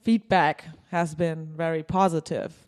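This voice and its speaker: A woman's voice: deep voice, steady tone, unhurried, a little mellow. A woman co-hosting a podcast in casual chat, laughing often, swearing casually and using many fillers.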